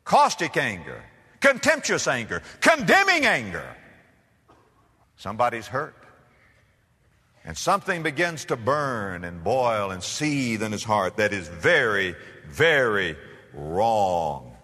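A man's voice: medium pitch, big pitch swings, a little slow, pushed and bright. A man preaching a sermon as pastor, emphatic and dramatic, with repeated phrases. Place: church. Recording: reverberant hall.

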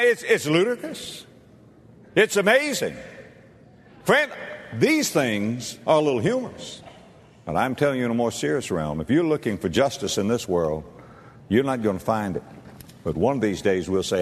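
A man preaching a sermon to a congregation, swinging between low, quiet asides and high, ringing exclamations. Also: long reverb tail. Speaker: pastor. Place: church sanctuary.

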